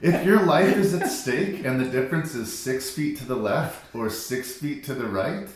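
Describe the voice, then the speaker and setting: A man's voice: medium pitch, moderate pace. A man chatting casually on a film podcast, blunt and wry, often mocking what others say. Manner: wry, blunt, mock-quotes people in voices. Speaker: podcast co-host. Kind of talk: casual film review chat. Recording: very echoey room.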